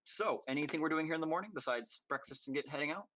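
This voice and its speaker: Halting man running a tabletop game. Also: a little high, bright, forceful tone, no room sound. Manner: halting, many ums and uhs. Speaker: game master.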